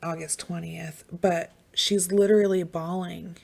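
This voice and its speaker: A woman's voice: fairly low pitch, steady tone, a little slow, gravelly. A woman hosting a podcast, talking casually and emphatically, swearing freely and saying "like" a lot. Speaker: podcast host. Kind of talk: casual true-crime chat.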